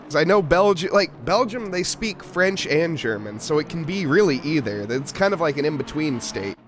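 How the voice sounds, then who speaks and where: A man's voice: on the high side, big pitch swings, normal speed, a little hiss or hum. A man co-commentating a sim race in a dry, teasing way. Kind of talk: casual live race commentary.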